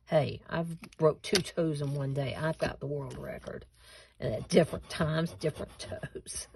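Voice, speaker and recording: A woman hosting a casual craft tutorial at home, chatting with viewers and laughing at herself as she cuts and glues. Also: lowish voice.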